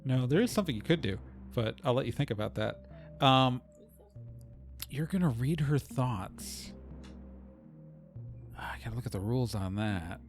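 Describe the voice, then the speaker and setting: A man's voice: mid-range voice, expressive, normal speed, long pauses, soft background music. Man running a tabletop game. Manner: explains rules and scene details, thinking aloud. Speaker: game master.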